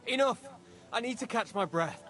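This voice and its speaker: A measured, courteous sparring opponent in a video game. The voice sits high, with soft game music playing behind him. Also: male voice, lively intonation. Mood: calm. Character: composed male sparring opponent.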